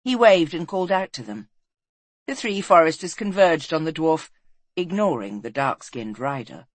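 An audiobook narrator reading a fantasy story in a steady, measured storytelling voice. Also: medium pitch, no echo. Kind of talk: scripted narration.

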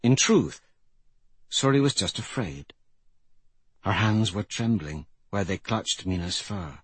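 A man narrating a fantasy story in a measured, grave manner. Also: fairly low pitch, animated, husky, no echo. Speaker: audiobook narrator.

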